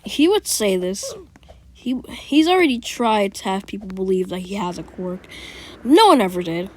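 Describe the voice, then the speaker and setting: A woman's voice: mid-range voice, big pitch swings, normal speed, a little mellow, a little hiss or hum. Brief: casual woman storyteller, rambling, drops to whispers at times. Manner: rambling, many restarts, whispered asides. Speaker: fan storyteller.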